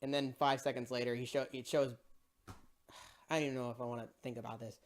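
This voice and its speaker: A movie reviewer delivers a casual, ranting review in a brisk, medium-pitched voice. Excitable and exasperated, the reviewer swears and keeps repeating "bro".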